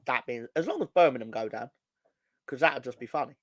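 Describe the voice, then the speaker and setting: A man's voice: medium pitch, expressive, fairly quick, no echo. A man co-hosting a casual football fan show, rambling and sardonic, swearing freely. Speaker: football podcast co-host.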